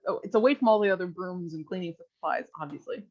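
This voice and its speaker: A woman narrating a tabletop game as game master, describing scenes in a relaxed way. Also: fairly low pitch, fast talker, dull audio, a crowd in the background.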